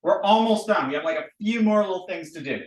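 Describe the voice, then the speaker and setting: Lively man teaching in a roomy space. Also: sits high, fast, distant mic. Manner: playful, repetitive drilling, animated. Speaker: language teacher. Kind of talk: recorded lesson, drawing letters. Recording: roomy, a bit off-mic.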